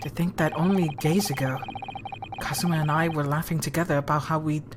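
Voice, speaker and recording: A woman's voice: low-pitched, steady tone, brisk, noisy background, pitched below the performer's own voice, lightly acted. Woman reading as a regretful young law student. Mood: wistful.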